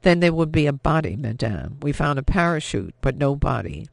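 A man's voice: fairly high pitch, sing-song, moderate pace, creaky, dry recording. Man playing a clipped, angry army captain. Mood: tense. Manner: clipped, formal, barely controlled anger. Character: stern, agitated male German army captain.

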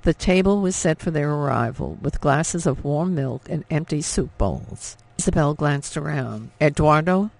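A male audiobook narrator giving a measured, dramatic scripted reading. His voice is gravelly and sits a little high for a man. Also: animated, a little mellow, no echo.

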